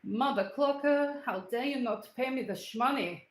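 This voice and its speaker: An Australian woman with a high voice talks at normal speed while hosting a casual livestream from home and bantering with viewers in slang. She moves into the kitchen, and the roomy home recording carries slight background noise.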